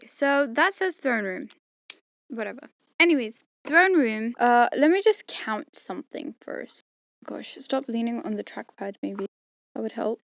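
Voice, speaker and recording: A woman rambles through her audiobook outtakes, tired and poking fun at herself. Her voice sits a little high and sounds strained from long recording. The sound is close and dry. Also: no echo. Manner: rambling, self-mocking, tired. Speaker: audiobook narrator. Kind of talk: casual bloopers and outro chat.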